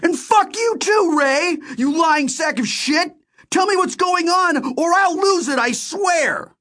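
A man voicing a frightened, furious young man who shouts in a panic. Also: lively intonation, slow pace, heavily acted. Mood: furious shouting. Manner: shouting, high-strung.

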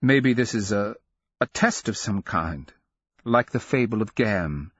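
Empress mother, anxious and volatile, prone to outbursts, put on by a male narrator; husky, lo-fi. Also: lowish voice, animated, unhurried, no echo, pitched above the performer's own voice. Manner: impassioned, breaking into outbursts.

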